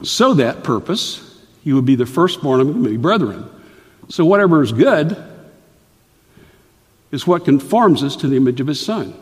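A man's voice: on the high side, very animated, normal speed, pauses often. A man preaching a sermon, explaining a Bible passage in a conversational way with rhetorical questions and asides. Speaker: Bible teacher. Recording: long hall reverb.

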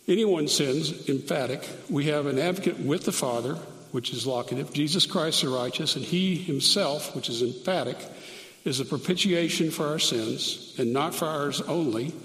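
A man's voice: on the high side, fairly bright tone. Guy teaching scripture verse by verse in a big echoey room, stops to note grammar. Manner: reads scripture slowly and annotates grammar aloud. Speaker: Bible teacher. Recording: echoey hall, long reverb.

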